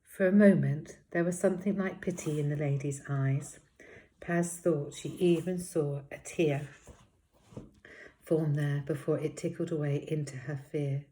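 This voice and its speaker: A woman reads a children's novel aloud, narrating in a steady, expressive way. Her voice sits low and deep for a woman. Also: measured pace. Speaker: storybook reader.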